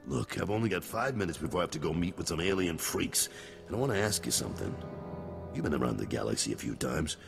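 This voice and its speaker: An actor playing a blunt, streetwise middle-aged gang boss in a video game, with a deep gravelly voice. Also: male voice, big pitch swings, fast talker, long reverb tail, over music, full character voice. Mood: gruff. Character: gruff middle-aged male gang boss, worried father.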